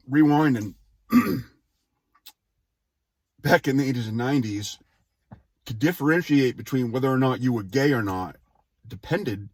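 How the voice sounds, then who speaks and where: A man's voice: mid-range voice, a little mellow, no room sound. A man in his forties telling a personal story casually, rambling off on tangents and interrupting himself with wry asides. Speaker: vlogger.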